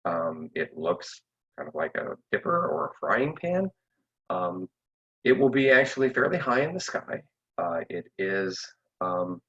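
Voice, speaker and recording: Guy, deep kinda husky voice, laid-back science talk w lots of ums. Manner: relaxed, many fillers, explains step by step. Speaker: astrophysicist giving a library talk. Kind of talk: casual explanatory talk. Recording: dull lo-fi audio.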